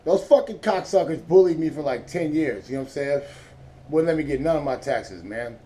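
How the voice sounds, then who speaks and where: A man's voice: fairly high pitch, expressive, brisk, mellow, a little hiss or hum. A man hosting his own vlog, telling a rambling, profane story in a laid-back way. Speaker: vlog host.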